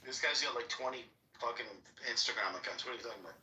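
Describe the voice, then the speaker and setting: A man's voice: mid-range voice, very fast, pushed and bright, slight background noise. A man heckling in a casual chat, throwing in crude jabs and interruptions. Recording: distant, roomy audio.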